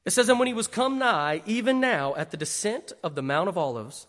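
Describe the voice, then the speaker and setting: A man's voice: sits high, lively intonation, brisk, fairly bright tone, long reverb tail. A man preaching a sermon as pastor, telling a humorous story with laughs and calling out to the congregation for an amen. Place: church sanctuary.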